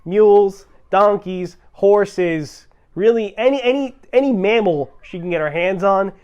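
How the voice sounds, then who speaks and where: A man with a slightly high voice smugly dishes out crude gossip. He delivers it in a deadpan, improvised mockumentary style. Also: measured pace, smooth, highs cut off. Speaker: comedy troupe performer. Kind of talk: improv mockumentary band interview.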